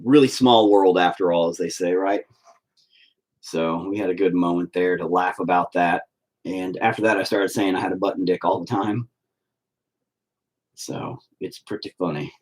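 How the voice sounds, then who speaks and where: A man's voice: low voice, fairly even intonation, moderate pace, a little mellow, poor audio. A young man telling stories and ranting bluntly and profanely in a rambling, casual way. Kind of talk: casual storytelling rant.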